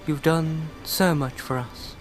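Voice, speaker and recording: A man playing an earnest, gentle young princess from a fantasy game, her voice pushed up high and drawn out slow, soft and sweetly sincere. She speaks with unhurried gratitude, as a male gamer puts her on. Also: steady tone, faint music behind.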